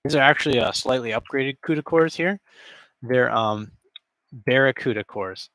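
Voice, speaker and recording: In a basement with a cardboard backdrop, a male streamer casually jokes with viewers, chuckling as he rambles. His mid-range voice has a fairly bright tone and normal speed, with clean studio sound and no echo.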